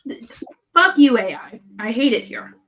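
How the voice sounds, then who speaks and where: A woman's voice: on the high side, sing-song, normal speed, a bit bright. A woman co-hosting a casual podcast chat, talking in a chatty, joking way with the odd swear. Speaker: podcast co-host.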